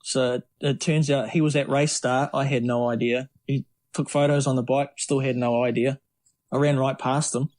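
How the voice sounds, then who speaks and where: A middle-aged man talks at a middling pitch. He tells casual, rambling anecdotes as an interview guest, often restarting his sentences. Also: level tone, normal speed, a little mellow. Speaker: triathlete guest.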